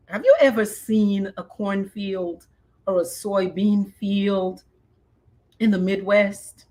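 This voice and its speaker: A woman in her fifties, a podcast host, reads a personal memoir in an expressive way and then chats casually, dropping in Creole phrases. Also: medium pitch.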